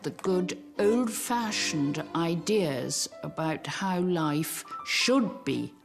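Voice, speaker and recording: Severe female head teacher, low-ish, unhurried, music bed. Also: expressive, vocal fry. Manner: stern, strict and disapproving. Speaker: school principal.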